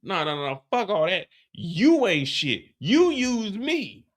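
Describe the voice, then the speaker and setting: An exasperated young man, played by a man defends himself in a rush of profanity. The voice sits high and bright and comes out quick and indignant. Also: animated. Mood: defiant. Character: defensive young man insisting it was an accident.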